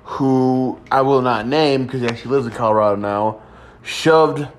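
A man's voice: mid-range voice, steady tone, normal speed. A young man in his twenties telling a rambling, crude story in a casual chat. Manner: crude, rambling, laid-back. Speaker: podcast host.

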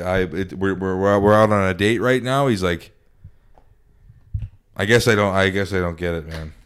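Man, low voice, smooth tone, casual podcast storyteller, lots of ums and restarts. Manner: rambling, full of fillers and restarts.

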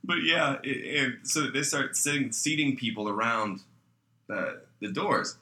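A man's voice: medium pitch, animated, a little slow. A young man in casual chat, swearing freely and telling a story about kitchen work. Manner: profane storyteller who shouts out the voices in his stories.

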